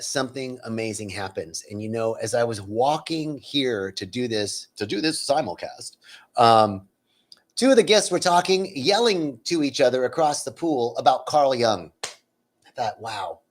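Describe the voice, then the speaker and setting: An enthusiastic man talks casually to his live stream audience, greeting viewers warmly by name. His voice sits at an ordinary middle pitch. He streams from a retreat center.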